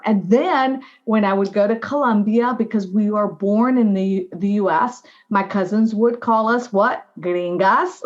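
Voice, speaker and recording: Middle-aged woman, animated interview guest, chatty storyteller, mid-pitched, slightly muffled audio. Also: a little slow, few pauses. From United States. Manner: animated, frequent "right?" and "you know". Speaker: guest, diversity officer.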